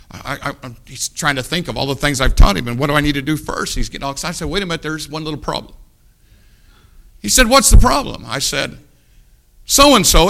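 A man preaching a sermon, telling a folksy story in a hushed voice and then rising into loud exhortation. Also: fairly high pitch, vocal fry.

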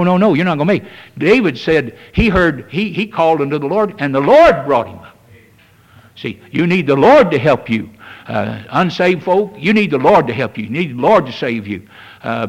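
A man preaching a sermon, folksy and repetitive, often asking "amen?" and building to fervent highs. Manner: folksy preaching with frequent "amen" and "you see", rising in fervor.

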